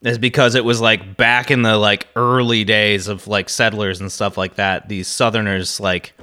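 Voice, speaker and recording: A man's voice: fairly low pitch, level tone, normal speed, bright, forceful tone. A man from the Midwest co-hosting a podcast, chatting casually and ranting with heavy profanity and frequent laughter. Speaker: podcast co-host.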